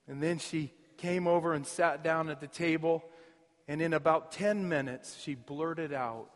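A man preaching a sermon as pastor, his emphasis surging loud and then dropping to near quiet. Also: fairly high pitch, unhurried. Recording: reverberant hall.

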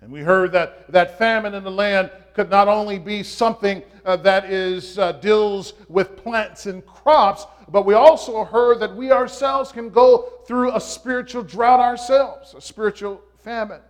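A man preaching a sermon, opening with a joke, in a slow and halting delivery with frequent pauses and fillers. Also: sits high, steady tone. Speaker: pastor.

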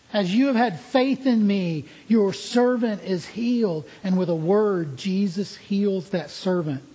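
A man's voice: sits high, dark tone, rough recording. A man preaching a sermon in an earnest, emphatic way, asking his listeners pointed questions.

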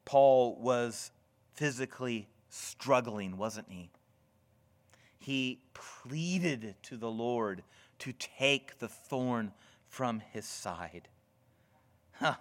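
A male pastor delivering a sermon at an unhurried, drawn-out pace. He swings between loud emphasis and near-whispers, at a middling pitch. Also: expressive.

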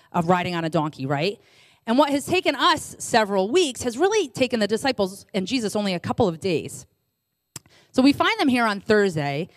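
A woman preaching a sermon in a conversational, animated way, asking rhetorical questions and acting out quoted voices. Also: dry recording, clean studio sound. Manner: acts out quoted voices in a high squeaky pitch.

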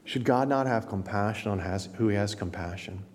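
A man giving a conversational sermon as pastor, animated and acting out people's inner thoughts. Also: fairly low pitch, normal speed. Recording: long hall reverb.

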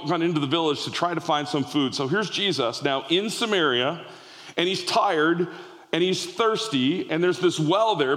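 Animated male preacher in a reverberant hall. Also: on the high side. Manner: animated storytelling with frequent restarts. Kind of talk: sermon.

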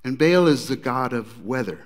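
A man preaching a sermon in a conversational, animated storytelling way. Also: medium pitch, moderate pace. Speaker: pastor.

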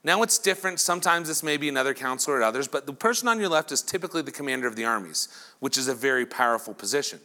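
A male pastor giving a lively sermon who acts out imagined dialogue between the people in his story. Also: medium pitch, racing. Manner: animated preaching, acting out imagined dialogue.

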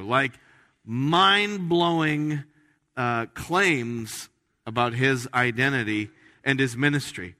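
A man preaching a sermon as pastor, emphatic and animated, with frequent restarts. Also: mid-range voice, slow. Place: church sanctuary. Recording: reverberant church hall.

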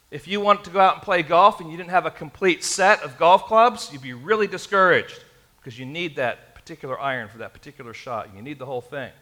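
A man delivers a sermon in a bright, forward voice that sits a little high. He preaches earnestly and turns to speak straight to his listeners. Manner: earnest preaching, addressing the congregation directly. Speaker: pastor.

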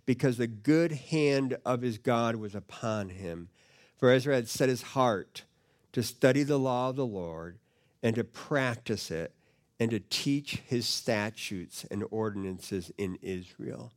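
A man preaching and teaching to a live audience in a conversational way, often repeating words and putting questions to the listeners. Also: mid-range voice. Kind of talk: teaching sermon.

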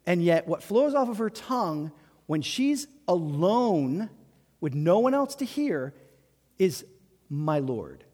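A man preaching a sermon in a lively, conversational way, acting out quotes as he goes. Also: a little high, breathy edge. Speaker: pastor. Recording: long reverb of a large hall.

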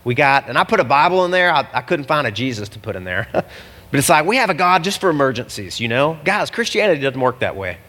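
A man preaching a sermon as a pastor, animated and jokey, acting out the people in the story. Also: mid-range voice, fast talker. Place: church. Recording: long hall reverb.

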